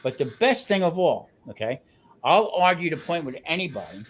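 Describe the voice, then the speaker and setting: A man with a New Jersey accent, telling stories in a casual chat, animated and full of restarts. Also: a little high, moderate pace, slight background noise. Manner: animated storyteller, restarts often. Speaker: guest cook on a grilling livestream.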